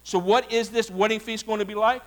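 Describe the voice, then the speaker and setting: A man preaching a sermon as a Baptist pastor, animated and folksy, calling out to his congregation. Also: high voice, a little fast.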